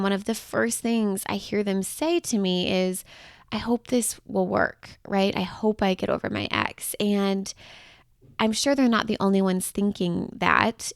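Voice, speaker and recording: A woman hosting her own podcast as a breakup coach, gushing and affectionate, pouring warmth into every phrase. She talks in a chatty, upbeat way, with little laughs and restarts. Her voice sits at an ordinary middle pitch and sounds dry and close, with no room around it. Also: smooth, no room sound. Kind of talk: solo podcast monologue.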